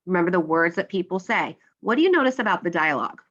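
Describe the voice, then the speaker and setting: A woman's voice: lowish voice, animated, fast, a bit bright, lo-fi sound. A woman teacher explaining a grammar lesson step by step, patiently, and acting out the example lines.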